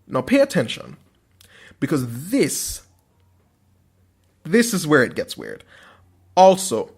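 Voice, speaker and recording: A man's voice: fairly high pitch, wildly swooping pitch, slow, gravelly, breathy edge. A young man hosting a podcast, retelling a dream with wry, self-mocking asides and theatrical flourishes. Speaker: podcast host.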